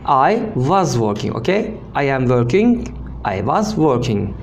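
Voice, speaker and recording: A man teaching an English grammar lesson, slowly repeating example sentences and often checking in with "okay?". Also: mid-range voice, sing-song, creaky, slight background noise. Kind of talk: language lesson.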